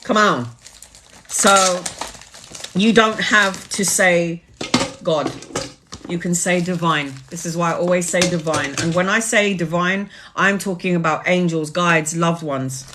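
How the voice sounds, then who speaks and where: A woman's voice: on the low side, a little slow, noisy background. A woman tarot reader telling a spiritual story on a casual live stream, earnest and blunt, with a loose, rambling delivery and the odd swear.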